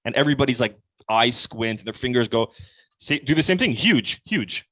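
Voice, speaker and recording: A young man talks through sales tactics in a relaxed, animated conversational way, filling his sentences with "like." His voice sits at an ordinary pitch. The recording is dry and close, with no room sound. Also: moderate pace, no echo. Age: young adult. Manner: casual, animated, heavy use of "like". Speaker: podcast guest, sales coach. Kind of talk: conversational podcast interview.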